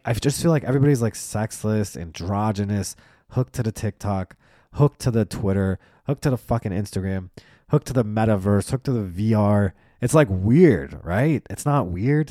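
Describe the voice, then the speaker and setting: A man's voice: on the low side, warm tone, no room sound, studio quality. A man hosting a solo podcast, ranting profanely and animatedly about his opinions, then reading sign-off plugs. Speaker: podcast host.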